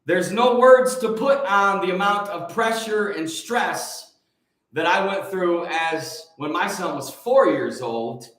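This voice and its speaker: A man's voice: high voice, takes it slowly, a bit bright. A man hosting a casual morning livestream, greeting viewers by name and making emphatic, preachy points. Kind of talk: casual live-stream chat with viewers. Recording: very echoey room.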